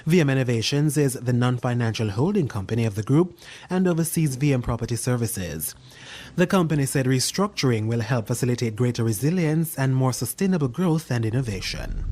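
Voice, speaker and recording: A man reads out business news from a script. His delivery is steady and even, like a newsreader's, in a mid-range voice. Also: mid-range voice. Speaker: news segment reader.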